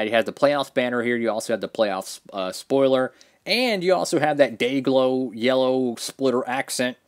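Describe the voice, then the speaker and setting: A man giving a casual, opinionated review of collectible model cars, rambling with restarts, from his home studio. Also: medium pitch. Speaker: diecast reviewer.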